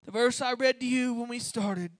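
A woman preaching an impassioned sermon, swinging from hushed pleading to shouted declarations and repeated appeals. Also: fairly high pitch, steady tone, moderate pace, no room sound.

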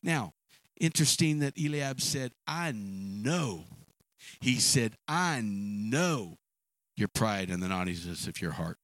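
A man's voice: on the low side, lively intonation, slow pace, fairly bright tone, no room sound, rough recording. A man preaching a sermon, retelling a scripture story with dramatic acted asides and stammering restarts.

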